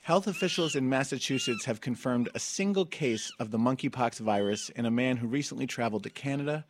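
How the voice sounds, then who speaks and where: A man's voice: medium pitch, brisk, a little hiss or hum. A man hosting a comedy podcast in a studio, campy and playful, laughing often as he reads listener reviews. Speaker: podcast host. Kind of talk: casual comedic chat.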